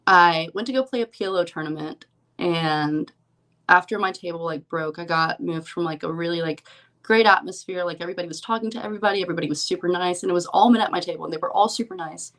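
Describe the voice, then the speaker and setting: A woman's voice: fairly low pitch, quick pace, fairly bright tone. A young woman, a professional poker player, chatting as an interview guest and telling stories with lots of "like" and "um". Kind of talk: casual interview chat.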